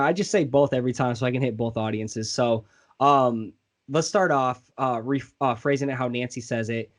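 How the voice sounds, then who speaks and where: A man's voice: medium pitch, normal speed. A man with a Midwestern American accent hosting a casual interview podcast, laid-back and slangy, joking with his guests. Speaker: podcast host.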